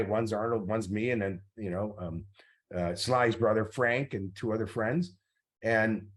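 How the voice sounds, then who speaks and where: A middle-aged man, a motivational coach, tells stories in a master class talk, with many fillers along the way. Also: fairly low pitch. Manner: anecdotal storytelling with many fillers.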